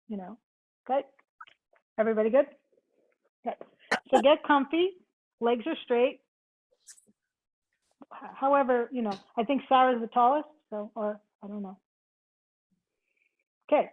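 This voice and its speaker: A woman yoga instructor cueing a live online class, counting reps, giving short cues and chatting with students. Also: on the high side. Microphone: video call. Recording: tinny video-call audio.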